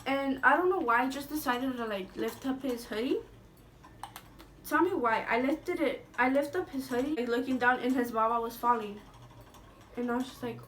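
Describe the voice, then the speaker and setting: A young woman recounts a school story for her storytime vlog, her voice pitched high and a bit bright, with a faint hiss or hum present. The telling is casual and talkative, sprinkled with swearing and lots of "like."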